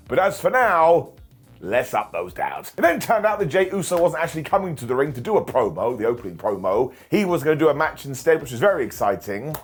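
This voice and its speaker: A man's voice: on the high side, slightly rough. A man hosting a comedic wrestling review, talking with a slight lisp from a bitten tongue and full of wry, jokey asides.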